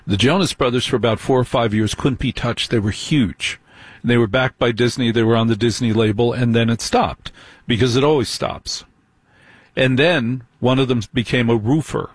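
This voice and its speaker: A man's voice: medium pitch, normal speed, husky, dry recording. A man giving sarcastic celebrity gossip commentary as a host, with mocking, scornful asides.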